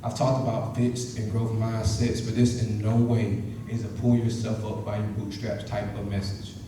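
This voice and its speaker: Heard from a distance in a reverberant university hall, a man with a fairly low pitch speaks at a moderate pace over a noisy background. He energetically motivates a student crowd and gets them chanting with him.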